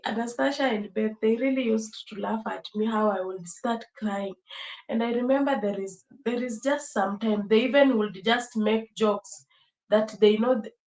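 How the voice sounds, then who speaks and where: Young woman, livestream host, chatty and emotional, mid-pitched, recorded in an echoey room. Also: a little mellow. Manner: chatty, emotional, repeats phrases, laughs often. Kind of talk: casual livestream chat with viewers.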